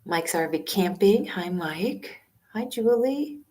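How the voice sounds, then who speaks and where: A woman in her fifties chatting casually with viewers on a live stream, speaking in a hushed, half-whispered voice with many fillers, from a small library study room on a laptop microphone. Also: mid-range voice, expressive, slow pace. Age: 50s. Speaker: van-life vlogger hosting a live stream. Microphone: laptop webcam and built-in mic.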